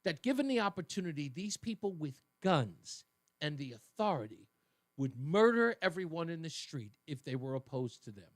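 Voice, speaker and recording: A man hosting a talk radio show, delivering an emphatic, argumentative opinion monologue that swings between loud and low. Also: very animated, moderate pace, no room sound, studio quality.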